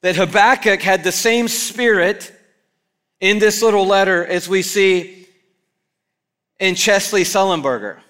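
A man preaches a sermon with a bright, crisp tone that sits high in his range. He is animated and keeps slipping into the voices of the people he quotes. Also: a little slow, pauses often. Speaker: pastor. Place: church.

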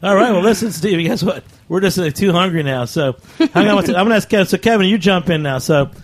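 A man hosting a radio talk show, jokey and brisk as he hands the talk to his guests. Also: sits high, lively intonation. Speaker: radio host. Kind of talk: casual radio chat.

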